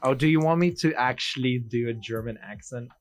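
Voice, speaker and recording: A man's voice: mid-range voice, fairly quick, no room sound. A man bantering crudely with friends on a call. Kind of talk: casual chat with friends.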